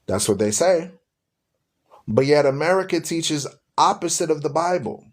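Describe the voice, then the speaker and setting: A man's voice: on the high side, expressive, normal speed. Preachy man hosting a religious talk show. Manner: preachy, repetitive, addresses listeners as y'all. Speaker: radio show host. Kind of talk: live-stream religious talk.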